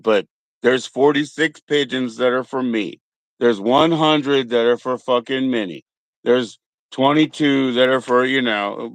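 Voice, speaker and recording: A man's voice: medium pitch, dry recording. A man in his thirties hosting a livestream, rambling and joking crudely in a casual chat. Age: 30s. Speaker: streamer host.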